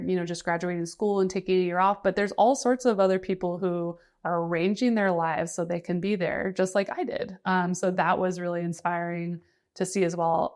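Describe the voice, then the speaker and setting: Low-voiced young woman chatting. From United States. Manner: chatty, many fillers and restarts. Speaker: guest, freelance writer. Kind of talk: casual conversation.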